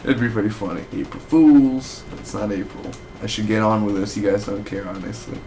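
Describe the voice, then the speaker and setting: A man giving a casual spoken review of a TV episode, rambling and excitable with lots of fillers. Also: fairly low pitch, quick pace, slight background noise. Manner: rambling, excitable fan talk with many fillers.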